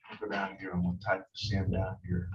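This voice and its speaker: A man teaching an online language class, explaining grammar slowly with many pauses and fillers. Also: deep voice, completely flat delivery, distant mic, highs cut off. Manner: slow and halting, many uhs.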